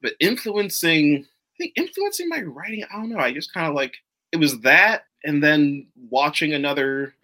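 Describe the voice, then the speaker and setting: A man who writes comics, talking casually as a guest, animated and quick to laugh, with many fillers. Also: fairly high pitch. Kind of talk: casual conversation.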